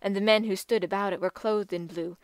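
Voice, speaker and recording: A woman reads an old legend aloud in a measured, expressive way. Her voice is smooth and clear at a middling pitch, and the recording is close and dry, with no room sound. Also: no room sound. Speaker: audiobook narrator. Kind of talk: scripted storytelling narration.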